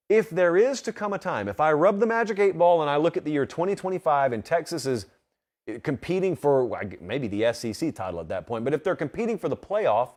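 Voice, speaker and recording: A man's voice: fairly high pitch, darkish tone. A man hosting a solo sports talk show in a studio, emphatic and full of rhetorical questions. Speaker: host.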